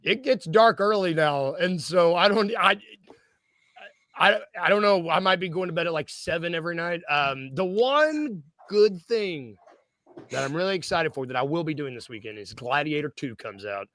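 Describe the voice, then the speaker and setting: High, bright-voiced man rambling on a podcast. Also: lively intonation, no echo. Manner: rambling, self-deprecating, quick jokes. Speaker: podcast co-host. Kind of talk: casual sports podcast chat.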